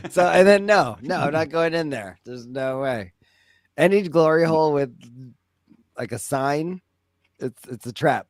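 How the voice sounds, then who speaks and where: Slow, wry male podcast co-host. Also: a little high, lively intonation. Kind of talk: casual podcast banter.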